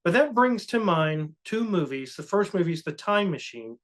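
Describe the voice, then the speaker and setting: A man's voice: high-pitched, very animated, normal speed. Earnest man musing on a podcast. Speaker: co-host. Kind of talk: casual podcast chat.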